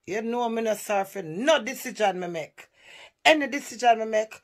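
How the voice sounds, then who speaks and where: Defiant gravelly woman. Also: mid-range voice, moderate pace. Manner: defiant, emphatic, patois speech.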